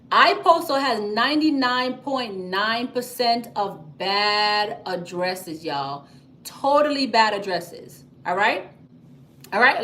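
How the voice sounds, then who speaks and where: A woman hosts a casual livestream, talking straight to her viewers. Her voice sits a little high, and she speaks emphatically, often checking in with "okay?" and "y'all.". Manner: chatty and emphatic, frequent "okay?" and "y'all", animated storytelling. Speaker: livestream host, business credit coach. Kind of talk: casual livestream talk reading viewer comments.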